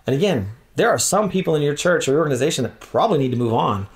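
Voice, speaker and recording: A man giving a lively conference talk on church leadership in a sermon-like style, acting out scripture quotes in changing voices. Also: a little high, racing. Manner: animated, acts out scripture voices.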